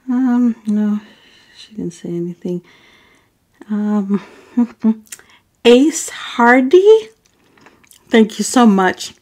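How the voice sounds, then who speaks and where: A woman vlogger thanking her viewers by name, affectionate and apologetic when she stumbles over their names. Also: fairly high pitch. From Arab. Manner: affectionate, calls viewers baby boo. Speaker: mukbang vlogger. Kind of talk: casual shout-outs to viewers.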